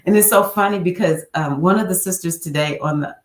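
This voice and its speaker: A woman spiritual coach chatting casually on a livestream, jumping into a high squeal when she acts out her own quotes. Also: brisk. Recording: echoey room.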